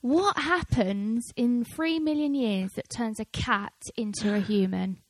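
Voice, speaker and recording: A woman's voice: a little high, measured pace, no room sound, rough recording. A woman co-hosting a podcast in casual chat, chiming in with short wry remarks and questions. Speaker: podcast co-host.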